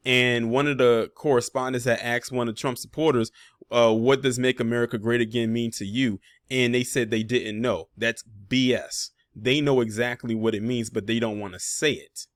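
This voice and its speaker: A man's voice: mid-range voice, no room sound, clean studio sound. A man hosting a reaction commentary video, talking casually and pointedly, with sarcastic asides and frequent fillers.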